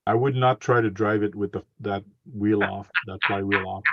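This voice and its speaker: A man's voice: fairly low pitch, steady tone, moderate pace, no echo. A man hosting a casual group chat, joking and rambling, often repeating his words. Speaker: host. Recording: dull lo-fi dry sound.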